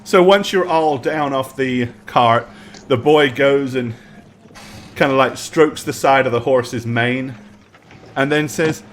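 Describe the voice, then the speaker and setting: A man narrating as dungeon master in a casual, halting way. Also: mid-range voice, a little hiss or hum. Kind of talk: narrating a tabletop game.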